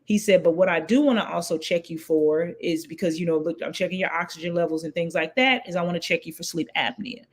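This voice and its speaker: Animated woman telling her story. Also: on the low side. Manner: animated, acts out quoted voices. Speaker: guest. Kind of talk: storytelling in a casual interview.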